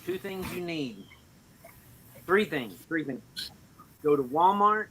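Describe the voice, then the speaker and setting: A man's voice: a little high, animated, slow, fairly bright tone, low-quality recording. A man hosting a casual podcast chat, teasingly recounting the advice he gave a friend. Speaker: podcast host.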